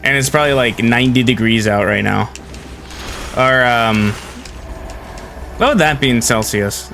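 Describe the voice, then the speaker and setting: A young man with a bright, forceful voice talks casually to his viewers as he plays. He rambles along in a friendly, easygoing way, reacting to the game and to chat. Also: medium pitch, unhurried, creaky, soft background music. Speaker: game streamer. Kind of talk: casual live-stream chat while gaming.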